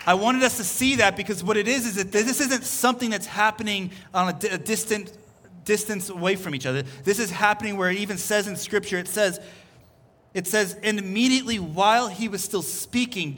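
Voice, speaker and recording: Man, pastor, relaxed conversational sermon, chatty, bright tone, higher voice. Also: fairly quick. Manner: loose, chatty storytelling full of "like".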